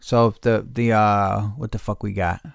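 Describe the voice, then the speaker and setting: A man hosting a casual solo podcast, rambling and profane, correcting himself mid-sentence and jumping into loud excited bursts. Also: fairly low pitch, a little slow, creaky, smooth, dry recording, studio quality. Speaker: podcast host.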